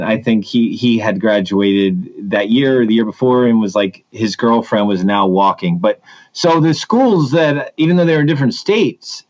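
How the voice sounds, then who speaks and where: Animated man telling school stories. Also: mid-range voice, dull audio. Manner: animated storyteller with many restarts. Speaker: assistant principal, guest. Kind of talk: casual interview chat.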